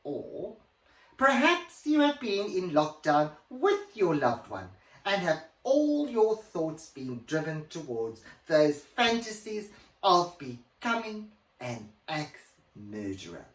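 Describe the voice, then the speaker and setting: A man's voice: sits high, huge pitch swings, slow pace, exaggerated voice. A man doing a pompous grande dame. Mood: haughty. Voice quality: grand, theatrical, swooping delivery. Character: pompous posh older English woman podcaster. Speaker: podcast host character. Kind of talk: comedic character monologue. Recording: roomy, distant mic.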